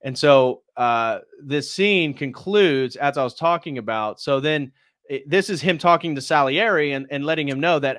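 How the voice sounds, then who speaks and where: A man's voice: a little high, moderate pace, a bit bright, dry recording, clean studio sound. A man hosting a stream, chatting casually through a film review and acting out the characters' lines as he recounts scenes. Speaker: host. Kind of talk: casual movie review chat.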